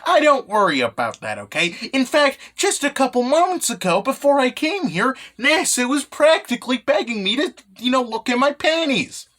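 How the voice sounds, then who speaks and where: Brief: proud, indignant young wife, voiced by a man, high voice, swears freely. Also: sing-song, normal speed, few pauses, a bit bright, exaggerated voice. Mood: defiant.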